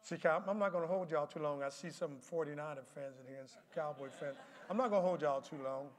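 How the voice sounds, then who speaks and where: Male pastor, high voice, sermon, long hall reverb, builds to shouting. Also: quick pace. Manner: builds from quiet storytelling to shouted preaching. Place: church sanctuary.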